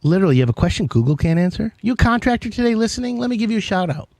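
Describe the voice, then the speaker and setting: Animated, jokey male radio host. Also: high voice, rapid-fire, creaky, no echo. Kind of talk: casual call-in radio chat.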